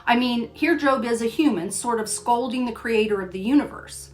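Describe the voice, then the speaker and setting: An older woman hosting a Christian devotional show, telling a personal story in a gentle way and reading scripture aloud. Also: a little high, moderate pace. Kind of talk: devotional storytelling and Bible teaching.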